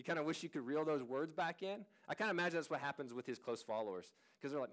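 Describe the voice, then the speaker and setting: A man in his thirties preaches to his congregation in a relaxed, conversational way. His voice sits at an ordinary middle pitch, and he talks earnestly, circling back and restarting phrases as he goes. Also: very fast, few pauses. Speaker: pastor. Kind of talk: sermon.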